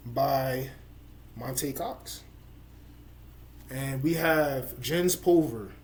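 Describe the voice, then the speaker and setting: A man hosting a casual fight-sports podcast, excitable and joking, talking in loose slang. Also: a little high. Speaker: podcast host. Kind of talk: casual chat.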